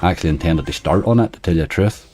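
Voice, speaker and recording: Male streamer, deep and relaxed, chatty, faint game music behind. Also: rapid-fire. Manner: chatty, reading out viewer chat. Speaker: slots livestreamer. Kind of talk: casual live-stream chat. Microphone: desk microphone.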